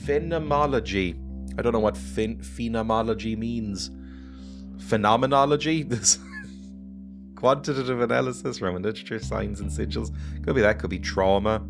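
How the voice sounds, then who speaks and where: A man's voice: fairly low pitch, normal speed, gravelly. A man playing a game and chatting casually, joking and laughing as he goes. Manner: chatty, jokey, laughs often. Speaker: let's play gamer. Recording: music playing behind.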